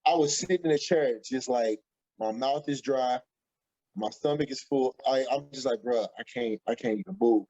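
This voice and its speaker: A man, co-hosting a podcast and telling an animated story, acting out the quotes excitedly. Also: medium pitch, moderate pace. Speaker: podcast co-host. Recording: dull lo-fi audio.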